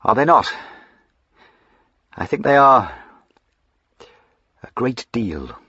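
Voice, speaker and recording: A man's voice: on the low side, animated, moderate pace, bright, forceful tone, husky, no echo, lo-fi sound, exaggerated voice. A man voicing a moody, short-tempered young aristocrat with a clipped, sardonic way of speaking. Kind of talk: audiobook character voicing.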